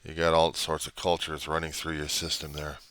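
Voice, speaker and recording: A man's voice: a bass voice, monotone, a little fast, sharp tone, no room sound. A man from the United States, rambling and trailing off in a personal video diary, with mild cursing. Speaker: video diarist.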